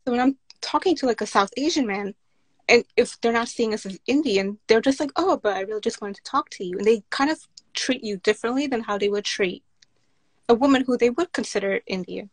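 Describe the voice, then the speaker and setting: A woman with a fairly high voice speaks in a steady, matter-of-fact way. The sound is dry and close. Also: brisk, no room sound. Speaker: writer and panelist. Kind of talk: casual panel discussion.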